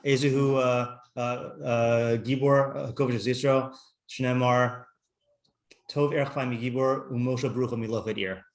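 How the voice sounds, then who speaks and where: Chatty, laughing rabbi teaching a class. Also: male voice, mid-range voice, steady tone, unhurried. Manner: chatty, self-interrupting, laughs often.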